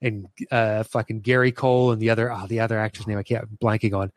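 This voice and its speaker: A man chatting casually about a TV comedy, animated and swearing, acting out quoted lines in passing. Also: on the low side, fast, no echo. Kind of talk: casual chat about a TV show.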